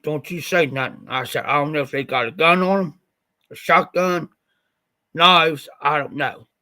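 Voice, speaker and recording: A man's voice: a little high, moderate pace, pushed and bright, no room sound. A man from Ohio hosting a livestream, telling a rambling story and repeating "I said" as he goes, slightly stuffed up after the flu. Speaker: livestream host.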